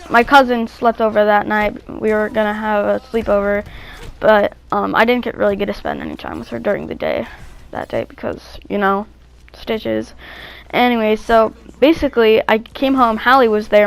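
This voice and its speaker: A woman's voice: a little high, moderate pace, creaky, fairly bright tone, clear, resonant tone, rough recording. A young woman casually telling a personal story, rambling with many restarts, fillers and "like"s. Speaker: vlogger.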